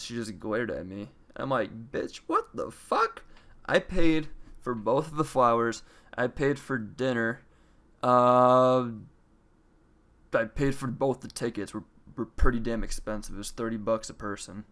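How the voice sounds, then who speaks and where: Medium-pitched and fairly bright, this young adult man relaxes into a storytime tale, chatty and foul-mouthed. Whenever he quotes someone, he performs their lines in altered voices.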